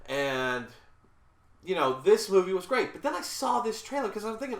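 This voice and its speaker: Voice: mid-range voice, lively intonation, moderate pace, pauses often. A reviewer in their thirties from the American South, giving a blunt, casual movie rant and often saying sorry between complaints. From Southern United States. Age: 30s. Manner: blunt and exasperated, with repeated apologies. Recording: roomy echo.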